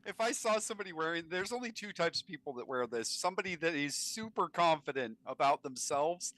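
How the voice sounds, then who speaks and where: A man co-hosting a casual podcast, animated and blunt, often laughing. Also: on the high side, fairly quick, dry recording, rough recording. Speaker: podcast co-host. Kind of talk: casual chat.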